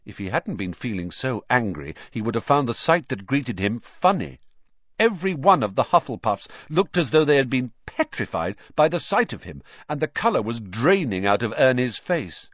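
A male narrator reads a storybook with a lively, widely varied pitch. The recording is dry and slightly dull, with no room sound. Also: normal speed, dry recording. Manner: expressive, animated delivery. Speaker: audiobook narrator. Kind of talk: storybook reading. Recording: dry, slightly muffled audio.

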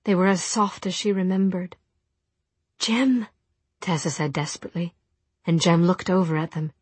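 A woman narrating an audiobook in a soft, measured storytelling manner. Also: fairly low pitch, fairly even intonation, breathy edge, no room sound. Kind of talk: audiobook reading.

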